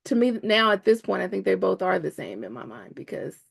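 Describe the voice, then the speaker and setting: A woman co-hosting a casual book club chat, expressive and playful with quick quips. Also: medium pitch, creaky, husky.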